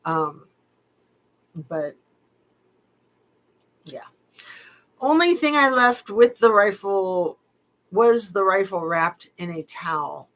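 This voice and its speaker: A woman's voice: medium pitch, slow pace, pauses often, a bit bright, poor audio. Wry middle-aged woman commentator. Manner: wry, skeptical asides with frequent fillers. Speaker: true-crime commentator. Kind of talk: casual commentary while reading text messages aloud.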